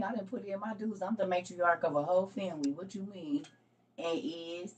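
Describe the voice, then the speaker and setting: A woman's voice: fairly low pitch, fairly even intonation, normal speed. A middle-aged woman hosting a casual Bible study livestream, chatty and teasing, laughing often. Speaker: livestream host. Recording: voice from a distance from the mic.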